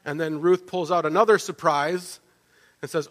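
A man preaching a sermon, telling the story in a lively way and often checking in with "right?". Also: fairly high pitch, moderate pace. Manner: animated storytelling, with frequent restarts and "right?" asides. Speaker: pastor. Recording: long reverb of a large hall.

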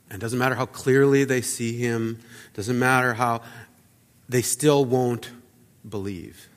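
A man preaching a sermon as a pastor, earnest, often repeating words and dropping to a quiet low voice for emphasis. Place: church sanctuary. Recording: church hall reverb.

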